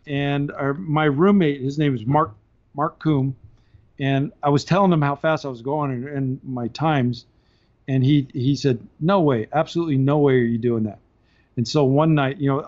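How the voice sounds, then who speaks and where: A man telling long stories on a podcast in a casual, animated way, often laughing as he talks. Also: medium pitch. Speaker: podcast guest. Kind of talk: casual storytelling. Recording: dull lo-fi podcast audio.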